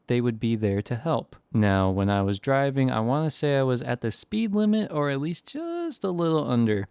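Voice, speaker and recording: A young man tells a rambling story in a laid-back, self-mocking way, his voice gravelly and warm. The tone is smooth and resonant, picked up close and dry with no room around it. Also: mid-range voice, no room sound. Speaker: storytime YouTuber. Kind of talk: casual storytime narration.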